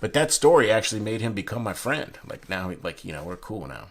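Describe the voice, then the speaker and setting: A man's voice: lowish voice, big pitch swings, brisk. A young man chatting casually while reviewing a deck of playing cards, rambling from one story to the next with many fillers and restarts. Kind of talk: casual unboxing chat.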